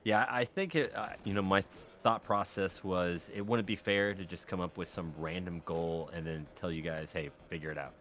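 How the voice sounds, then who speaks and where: A man's voice: low-pitched, steady tone, normal speed, hardly any pauses, fairly bright tone. A man hosting a game race stream, chatting upbeat and friendly with plenty of fillers. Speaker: race host and commentator. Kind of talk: casual stream commentary.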